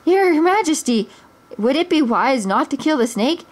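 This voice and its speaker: A woman voicing a cunning, greedy male wolf sheriff who gloats with a high cackling laugh, in a storybook reading. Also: animated, measured pace. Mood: scheming.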